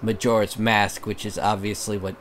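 A man's voice: fairly low pitch, level tone, moderate pace, a bit bright, slight background noise. A man hosting a let's play, chatting casually and rambling with a friend about games. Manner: chatty, rambling, laughs often. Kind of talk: casual gameplay commentary.

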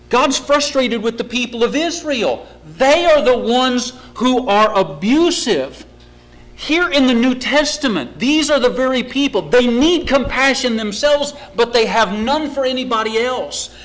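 A man's voice: high voice, fairly bright tone, rough recording. A man preaching a sermon in a church, earnest and questioning his listeners. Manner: earnest, asks the congregation questions.

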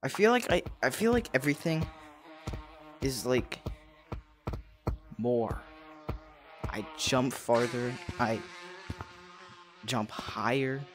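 A young man streaming a game in casual chat with friends, excitable with sudden loud outbursts. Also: medium pitch, slow, pauses often, music in the background.

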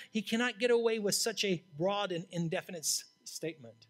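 An older male pastor preaching with a high, bright, forceful voice. He is blunt and emphatic, swinging between loud declarations and hushed asides. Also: lively intonation, fairly quick, few pauses. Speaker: interim pastor. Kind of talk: sermon.

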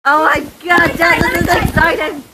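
A woman's voice: very high-pitched, flat delivery, moderate pace, bright, forceful tone, low-quality recording. A woman vlogging outdoors in fresh snow on a handheld phone, giddy and squealing, laughing and repeating herself. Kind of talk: excited home video chat.

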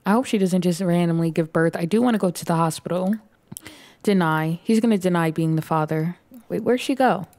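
A woman giving excitable, chatty let's play commentary as she plays a life-simulation game, narrating each move. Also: fairly low pitch, fairly quick. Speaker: gaming YouTuber.

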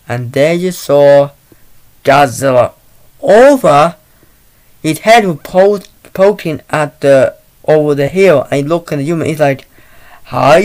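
A man giving a casual movie review, retelling the plot in a halting, rambling way into a laptop mic. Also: on the high side, a little mellow, clean tone.

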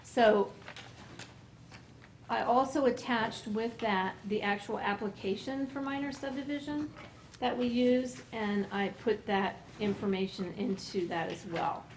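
A woman on planning staff explaining code amendments at a public meeting, methodical, pausing and restarting as she goes. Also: on the high side, fairly even intonation, a little hiss or hum, rough recording. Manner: methodical, with frequent pauses and restarts. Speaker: planning staff member presenting to a commission. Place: meeting room.

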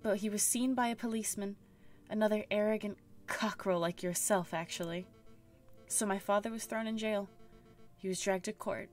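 A woman's voice: mid-range voice, steady tone, moderate pace, faint music behind, lightly acted. A woman voicing a vengeful young woman who speaks in a bitter, accusing way.

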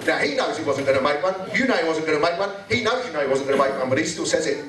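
A man doing a stand-up comedy routine, blunt and sweary, acting out office characters in quick voices. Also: a little high, expressive. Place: live venue with audience laughter. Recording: echoey live room, mic picked up from a distance, crowd audible.

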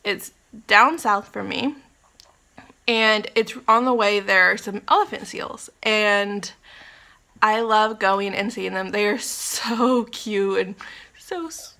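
Speaking slowly with vocal fry, this young woman has a mid-range voice that sounds pushed and bright. She chats in a giggly, scattered way for her condo vlog, dropping plenty of ums and apologies.

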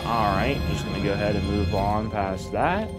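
A young man giving crude, joking commentary while playing a video game, breaking into loud excited outbursts. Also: lowish voice, moderate pace. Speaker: gaming video host. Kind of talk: let's play commentary. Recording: game music underneath.

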